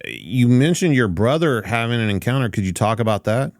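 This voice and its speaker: A man hosts an interview and asks his questions in a relaxed, conversational way. His pitch moves up and down a lot. The sound is dry. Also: a little fast, dry recording.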